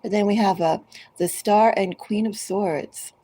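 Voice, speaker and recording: A woman giving a collective tarot reading, speaking directly to each zodiac sign in an unhurried, musing way. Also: medium pitch, steady tone, mellow, breathy edge, poor audio. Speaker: tarot reader.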